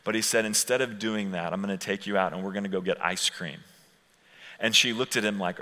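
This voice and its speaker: A man in his thirties gives a chatty sermon to a room of students. He acts out the quotes and slows down to stress the key points. His voice is bright and forceful, and it carries a long reverb through a large hall. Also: lowish voice. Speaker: youth pastor.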